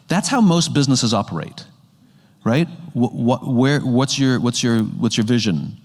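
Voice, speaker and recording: A man's voice: medium pitch, lively intonation, a little slow. A man giving a talk on leadership, explaining his points through everyday analogies. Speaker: leadership speaker. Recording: long hall reverb.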